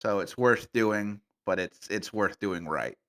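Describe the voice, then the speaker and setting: A man chats as a guest on a tabletop gaming podcast, his voice sitting fairly low yet sounding bright and forceful. He tells his stories playfully and with animation, dropping in fillers along the way. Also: unhurried, clear, resonant tone. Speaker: podcast guest, game master. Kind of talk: casual podcast conversation.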